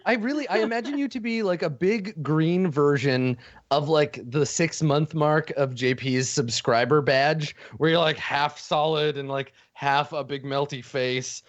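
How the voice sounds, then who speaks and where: A man's voice: on the high side, unhurried, dry recording, lo-fi sound. A man narrating as game master of a tabletop game, casual and profane, with frequent restarts.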